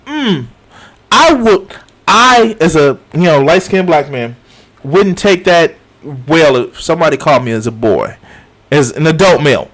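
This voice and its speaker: Man in his thirties, profane streamer, lively pitch, unhurried. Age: 30s. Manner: swears often, laughs and repeats himself. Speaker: streamer reacting to a video. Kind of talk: casual profane reaction commentary.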